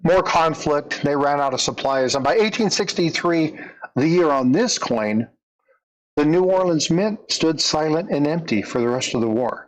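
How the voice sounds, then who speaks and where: Man telling a lively story. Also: a little high, moderate pace, rough recording. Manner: conversational, lively, leans into dramatic moments. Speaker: storyteller, coin channel host. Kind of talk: storytelling narration.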